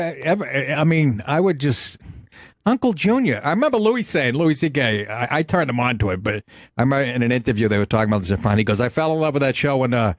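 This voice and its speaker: A man's voice: medium pitch, dry recording, clean studio sound. A man hosting a comedy podcast, telling stories in a crude, laughing, casual way. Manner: crude, laughing, animated storytelling. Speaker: podcast host.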